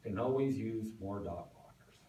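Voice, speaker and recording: A man with a fairly low voice, speaking at normal speed, gives a folksy prepared speech full of stories to a club. He's recorded by a distant room mic in an echoey meeting room, with heavy background noise.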